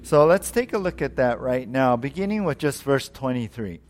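A man's voice: mid-range voice, expressive, normal speed, few pauses. A married man, a pastor, leading prayer and preaching a sermon with repetitive phrasing that fades off at line ends. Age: adult, married. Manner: repetitive prayerful phrasing, voice dropping away on closing words.

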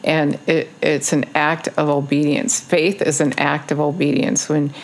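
A woman's voice: deep voice, flat delivery, measured pace. A woman giving a casual video sermon, urging listeners in earnest, repetitive phrases with frequent ums. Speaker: online preacher.

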